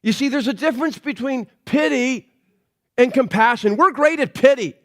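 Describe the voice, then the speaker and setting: A man's voice: very high voice, normal speed. A male pastor preaching a sermon in a church. He talks in a conversational, story-telling way and often restarts his sentences.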